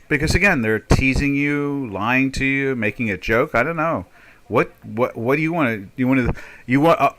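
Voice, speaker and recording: Older male trading host, bright tone, rambling and sarcastic, live webinar chat. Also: fairly high pitch. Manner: rambling, sarcastic, mimics media voices. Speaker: market analyst host.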